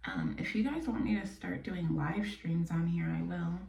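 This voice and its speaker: Gravelly, blunt New York woman. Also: on the low side, moderate pace, lo-fi sound, slight background noise. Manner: candid and blunt, drifting into soft near-whispers. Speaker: podcast host. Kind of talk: casual personal monologue. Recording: echoey room, mic a bit distant.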